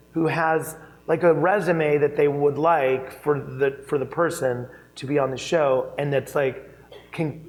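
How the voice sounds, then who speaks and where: Chatty, animated man telling stories. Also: a little high, poor audio. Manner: animated, chatty, laughs through anecdotes, many fillers. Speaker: keynote speaker, interior designer. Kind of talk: conversational storytelling on stage.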